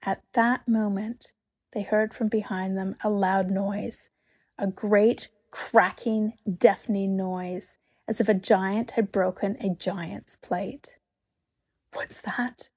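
A woman reads a storybook aloud at a slow, careful pace. Her voice is soft and breathy, and she often sinks into a whisper for quiet moments. Her telling stays expressive throughout. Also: medium pitch. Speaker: narrator.

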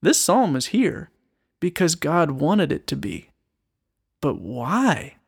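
A man's voice: fairly high pitch, very animated, takes it slowly, gravelly, slightly rough. A man giving an earnest, reflective Bible teaching, reading a psalm aloud and asking his listeners rhetorical questions. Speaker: Christian speaker and musician.

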